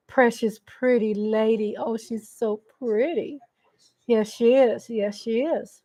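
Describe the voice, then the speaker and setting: Her voice is fairly high, mellow and steady, and she talks slowly into a USB desk mic at home. The middle-aged livestream host rambles casually through viewer comments, often laughing and becoming emotional.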